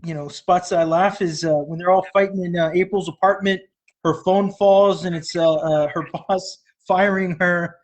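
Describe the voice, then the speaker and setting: A man co-hosting a movie review show chats casually, rambling, laughing often between thoughts and using many fillers. His voice is high-pitched with fairly even intonation and a moderate pace.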